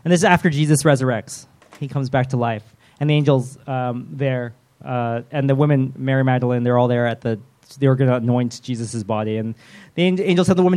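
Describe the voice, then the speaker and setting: A man preaching a sermon in a casual, animated way, acting out prayers and quotes in shifting voices with humorous asides. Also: mid-range voice, fairly quick.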